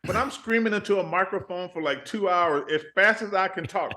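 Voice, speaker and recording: An older man with a drawl tells lively stories as a talk show guest. He keeps quoting himself and other people as he goes. His voice sits a little high for a man. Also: brisk. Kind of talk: casual phone interview.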